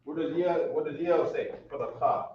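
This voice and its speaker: A man's voice: fairly high pitch, fairly even intonation, fast, noisy background. A man with a New York accent teaching a classroom lecture, talking loosely and repeating himself, often checking with "right?". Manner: repetitive, conversational, checks with "right?". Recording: echoey room, dull lo-fi sound.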